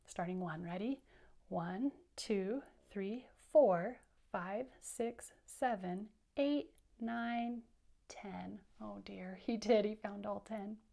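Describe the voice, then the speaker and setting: Slow, patient woman teacher reading aloud. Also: medium pitch, gravelly, dark tone. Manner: patient, encouraging, counting along with children. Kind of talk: interactive children's read-aloud.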